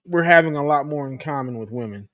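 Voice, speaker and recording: A man with a slightly high voice talks through his views in a casual podcast chat. He is thoughtful and a little halting. The sound is dry and close. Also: a bit bright, dry recording. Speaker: podcast co-host.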